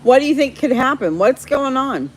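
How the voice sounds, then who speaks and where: A woman hosting a casual live stream, chatting warmly with viewers by name and laughing often. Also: high-pitched, lively intonation, normal speed, slight background noise. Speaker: livestream host reading viewer chat.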